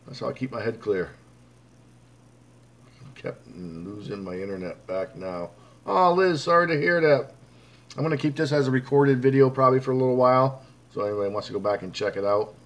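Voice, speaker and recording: Medium-pitched and fairly quick, this man hosts a casual live stream where he reads viewer comments aloud. He greets people by name, calls them bud, and rambles with frequent fillers and restarts.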